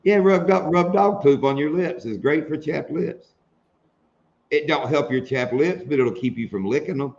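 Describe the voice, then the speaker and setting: A man hosting a relaxed live chat, spinning a joke and chuckling at his own punchlines. His voice sits a little higher than most men's. The stream audio is dull and muffled. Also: moderate pace, slight background noise. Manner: joking storyteller, laughs at own jokes.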